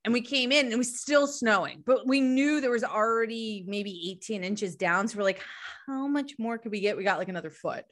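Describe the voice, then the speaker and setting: A woman's voice: mid-range voice, fairly quick, hardly any pauses. A middle-aged woman, hosting a podcast and telling stories in casual chat, swearing freely. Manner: animated storytelling, swears casually. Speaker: podcast host.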